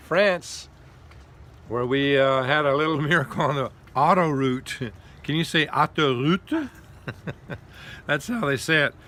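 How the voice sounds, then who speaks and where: An older man casually telling a missionary travel story outdoors in the cold while his wife films him on a phone, folksy and quick to laugh. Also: mid-range voice, pushed and bright, a little hiss or hum. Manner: chatty, folksy, laughs often. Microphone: phone camera held by his wife.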